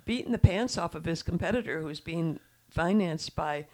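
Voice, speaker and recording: A woman's voice: fairly low pitch, normal speed, mellow. A middle-aged woman giving casual, indignant political commentary as a show regular, talking in long run-on sentences. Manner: chatty, indignant, breathless run-on talk.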